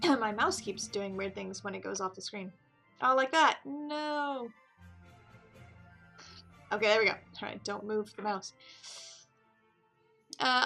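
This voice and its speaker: Bright-voiced woman playing a game. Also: mid-range voice, a little slow, vocal fry, long pauses, soft background music. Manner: casual, muttering asides. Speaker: let's play host. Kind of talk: casual gameplay commentary.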